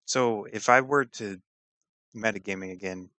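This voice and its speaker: A man playing a tabletop game, low-key and a bit hesitant, at times speaking as his character. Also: moderate pace, bright, forceful tone, no echo. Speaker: player. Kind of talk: casual tabletop chat, some in-character talk.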